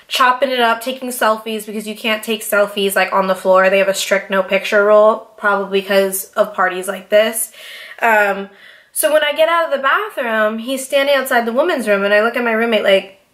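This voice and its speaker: A woman in her late twenties, from Boston, tells a story to camera in a casual way. Her voice sits a little high. She swears freely and acts out each quote with animated energy. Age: 20s. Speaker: vlogger.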